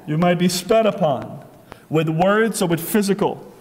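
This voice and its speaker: Male preacher, high voice, emphatic and repetitive sermon delivery, long hall reverb. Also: a little slow, darkish tone.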